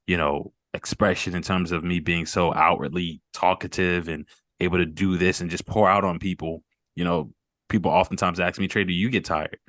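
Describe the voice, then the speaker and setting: Deep-voiced guy hosting a group video call, earnest and rambly, dry close sound. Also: a bit bright, dry recording. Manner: earnest, rambling, repeats words, laughs off tears. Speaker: host of a mental health group call.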